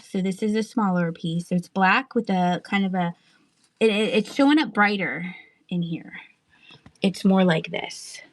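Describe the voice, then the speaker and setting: A woman's voice: mid-range voice, unhurried. A woman hosting a live-stream sale, chatting casually, thinking aloud with asides and trailing sentences, and laughing often. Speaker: live online seller. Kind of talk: live-stream sales chat.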